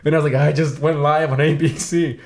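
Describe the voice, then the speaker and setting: A man's voice: a little high, flat delivery, fast. A man in his twenties co-hosting a podcast, casually telling a rambling story, acting out other people's lines and swearing freely. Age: 20s. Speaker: podcast co-host.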